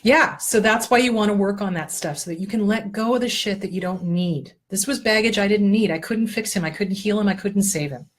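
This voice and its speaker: A woman's voice: mid-range voice, fairly quick, hardly any pauses. A woman therapist and show host giving casual self-help advice, blunt and profane, coaching the listener step by step through exercises. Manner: blunt, earthy and profane, with lively asides.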